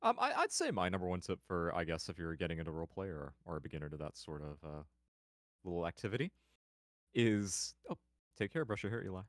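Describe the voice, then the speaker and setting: Deep-voiced man, quick and lively, rambling and playful, on a call. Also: no echo, clean studio sound. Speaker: panelist on a roleplay Q&A stream. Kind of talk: casual chat.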